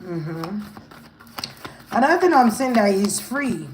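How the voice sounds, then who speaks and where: A woman's voice: medium pitch, big pitch swings, slow pace, slight background noise, rough recording. A woman giving a casual tarot reading, thinking aloud in a hesitant, musing way. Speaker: tarot reader.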